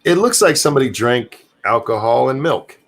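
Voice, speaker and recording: A man hosting a livestream, reading viewer questions out loud and joking with his co-hosts. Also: medium pitch, lively intonation, moderate pace. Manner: reads out chat questions, joking. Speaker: stream host reading chat. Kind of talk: casual chat.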